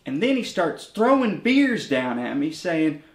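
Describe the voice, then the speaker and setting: A man's voice: fairly high pitch, very animated, unhurried, echoey room. A man playing a bitter, crippled male former bandmate, telling his story with crude, sardonic humor in a mockumentary interview.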